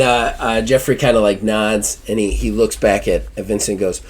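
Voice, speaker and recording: A man narrating as game master in a casual, halting way with many fillers. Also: fairly low pitch, steady tone.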